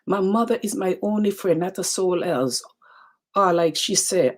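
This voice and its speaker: A woman's voice: mid-range voice, normal speed. A woman with a Caribbean English accent, hosting a live motivational talk and speaking straight to her viewers, emphatic and repeating phrases. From Caribbean islands. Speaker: show host.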